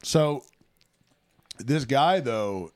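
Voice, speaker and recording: A man co-hosting a podcast rants with sarcasm and swearing. His voice is mid-pitched and casual. He plays his complaints for laughs. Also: expressive, extremely slow. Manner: sarcastic, profane ranting, jokey. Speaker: podcast co-host. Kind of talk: casual chat.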